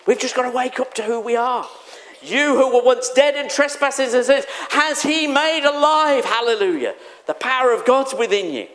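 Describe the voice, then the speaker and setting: A man preaching a sermon in a church, animated and exclamatory, acting out the voices he quotes. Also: very high voice, normal speed. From England. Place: church hall.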